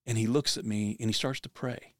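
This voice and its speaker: Telling a personal story on his podcast, a middle-aged host speaks with earnest vividness and frequently starts sentences over. His lowish voice holds a steady tone at a fairly quick pace, in a studio-quality recording with no room sound.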